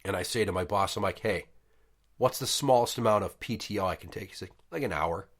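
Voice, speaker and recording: Here a man in his thirties, who hosts a podcast, tells a story at home with a low voice and a brisk delivery. Expect plenty of swearing, lively energy, and quotes he performs as he goes.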